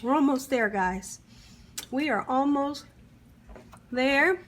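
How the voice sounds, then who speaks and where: Her voice sits high and moves slowly as she runs her home cooking vlog from the kitchen. Eagerly addressing viewers as "guys," she hums while tasting the food.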